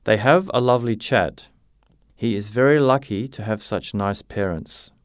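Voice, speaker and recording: Man reading a simple story slowly. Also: lowish voice, dry recording, studio quality. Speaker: narrator. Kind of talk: slow graded-reader story narration.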